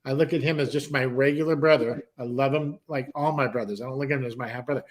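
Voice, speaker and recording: A man's voice: mid-range voice, steady tone, fast talker. A man, a country music artist, telling a long personal story on a talk show, acting out the other people's voices as he goes and swearing casually. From San Diego, California. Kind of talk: animated storytelling.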